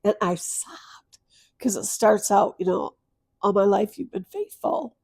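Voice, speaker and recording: A middle-aged woman, a podcast guest, telling a personal story of loss, tearful and earnest, moving from soft hushed lines to louder bursts. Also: medium pitch, measured pace, vocal fry, no room sound, studio quality.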